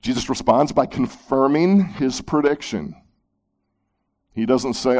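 A man preaching a sermon, reading scripture aloud and commenting on it, moving between loud emphatic peaks and hushed low phrases. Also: expressive, a little slow. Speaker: pastor.

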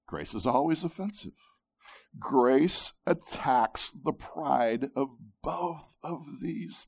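A man preaching a sermon, emphatic, with dramatic pauses, at times dropping to a near-whisper. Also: medium pitch. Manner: repeats words when restarting. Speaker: pastor.

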